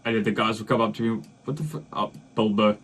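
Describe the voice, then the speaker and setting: A man's voice: fairly low pitch, completely flat delivery, fairly bright tone, breathy edge. Chatty South African man reacting. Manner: chatty, laughs along, halting restarts. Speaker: reaction channel host. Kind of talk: casual commentary on a comedy clip.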